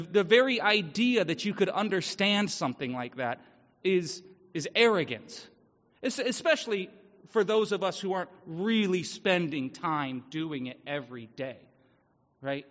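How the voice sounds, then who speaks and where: A man's voice: sits high, bright, forceful tone. A man in his thirties preaching a casual, joking sermon as pastor, chatting with the congregation. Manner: joking, conversational, acts out quoted voices. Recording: dull sound with long hall reverb.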